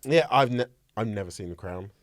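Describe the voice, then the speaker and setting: A British man hosting a podcast in casual chat, joking and playful, with a gravelly edge to his voice. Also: on the low side, lively intonation, no echo, clean studio sound. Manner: joking, playful, quick to do impressions. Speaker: podcast host.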